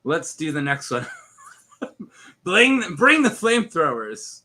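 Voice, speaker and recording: A man's voice: fairly high pitch, sing-song, takes it slowly, pushed and bright. A man co-hosting a casual podcast chat, joking, laughing often and swearing casually. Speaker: podcast co-host.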